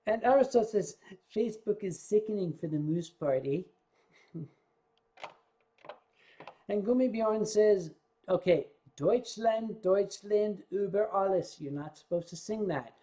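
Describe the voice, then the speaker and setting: An older man talks slowly and loosely on a livestream, tipsy from drinking. He stammers and repeats himself, swears freely, and drifts from one thing to the next. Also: high voice, animated, dark tone. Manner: rambling, stammering, profane. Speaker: livestream host. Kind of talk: rambling livestream chat.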